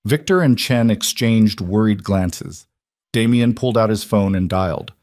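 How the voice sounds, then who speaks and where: A man giving steady, suspenseful scripted narration of a dramatic story. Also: lowish voice, a little slow, dry recording, studio quality.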